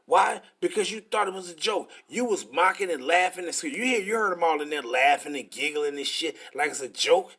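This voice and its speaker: A man preaching in a combative, profane style, reading scripture slowly between angry asides. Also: fairly high pitch, animated, sharp tone.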